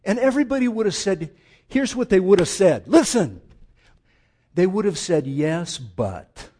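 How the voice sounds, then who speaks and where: A man preaching a sermon with a high, lively voice that climbs and drops widely. He talks straight to the congregation and acts out the lines of the people in his story. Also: moderate pace. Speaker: pastor.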